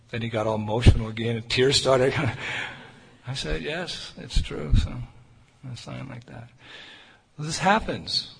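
Male preacher, earnest storyteller, mid-pitched voice, long reverb and faint hiss in the room. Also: measured pace, gravelly, a bit bright, breathy edge. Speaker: Hare Krishna preacher. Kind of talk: sermon with personal storytelling. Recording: reverberant hall with faint noise.

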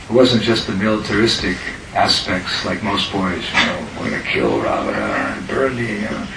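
A man, a spiritual teacher, animatedly telling a devotional story in a lecture, laughing as he goes. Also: lowish voice. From United States. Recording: roomy, distant mic with ambient noise.

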